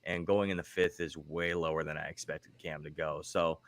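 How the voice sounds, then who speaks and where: A man co-hosting a podcast, chatting casually about football picks, relaxed and rambling with plenty of fillers. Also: very deep voice, normal speed. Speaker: podcast co-host. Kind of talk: casual sports chat.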